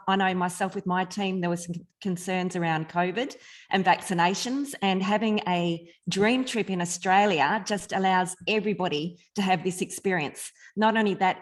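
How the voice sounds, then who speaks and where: A woman talks to her team over a video call. Her voice is mid-pitched and heartfelt, and she pauses on fillers as she finds her words. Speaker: team member making an announcement. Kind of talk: casual video call speech.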